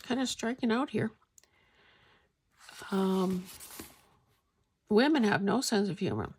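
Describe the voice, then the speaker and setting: A woman vlogger chatting casually about her finds in a wry, meandering way, often clearing her throat. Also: mid-range voice, animated, slow, pauses often, a little hiss or hum. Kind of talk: casual show-and-tell chat.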